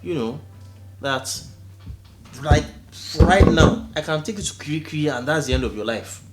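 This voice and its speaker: A man co-hosting a podcast, telling a story in an animated, indignant way. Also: fairly high pitch, normal speed, roomy sound, loud music behind the voice. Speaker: podcast co-host. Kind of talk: casual storytelling chat.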